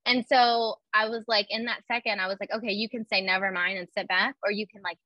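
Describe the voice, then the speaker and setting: Young woman, chatty and bright, heavy on fillers, dry and slightly muffled sound. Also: medium pitch, steady tone, fairly quick, no echo. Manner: chatty, full of "like" fillers, acts out her own quotes. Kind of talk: casual chat.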